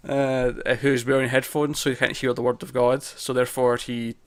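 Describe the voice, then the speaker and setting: A man chatting casually as co-host of a TV review show, with a voice sitting at an ordinary middle pitch. He rambles, repeats his words and restarts sentences while working through his thoughts. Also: level tone, normal speed, clear, resonant tone. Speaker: podcast co-host.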